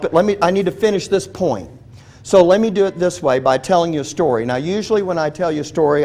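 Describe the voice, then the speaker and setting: A man with a fairly high voice leads a Bible lesson like a friendly chat. He tells light, funny stories, often stops and restarts a sentence, and keeps asking his listeners questions. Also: darkish tone. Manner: chatty, restarts sentences, asks the audience questions; humorous storytelling. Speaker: Bible teacher. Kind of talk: conversational Bible study teaching.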